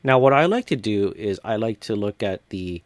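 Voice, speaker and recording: A man calmly talking viewers through a software tutorial step by step, with casual fillers. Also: on the low side, normal speed, no room sound. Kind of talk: screen-recorded software walkthrough.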